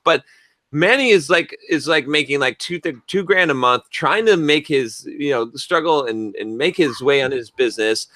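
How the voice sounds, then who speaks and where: A man co-hosting a podcast, telling a story in a casual, animated way and swearing freely. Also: on the high side, normal speed, no room sound, clean studio sound. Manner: animated, swearing, acts out quoted voices. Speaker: podcast co-host.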